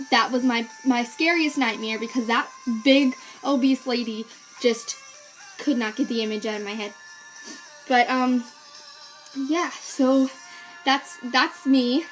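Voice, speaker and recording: A young woman with a high, bright-sounding voice tells a story to her vlog audience in a chatty, animated way. She keeps stringing clauses together with "like" and "okay". Faint music plays softly behind her. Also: rough recording. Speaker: vlogger. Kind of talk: casual storytelling.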